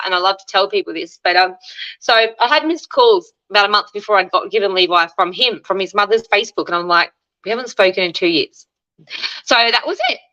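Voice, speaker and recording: A woman's voice: medium pitch, bright, forceful tone, low-quality recording. A woman in her thirties with an Australian accent, telling her story as an interview guest in a candid, chatty way. She acts out the dialogue she quotes.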